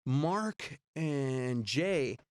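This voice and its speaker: A man in his forties telling rambling road stories in casual chat, acting out other people's lines in high voices. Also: very slow, clean tone, no echo, clean studio sound. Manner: rambling, animated, acts out quoted voices high.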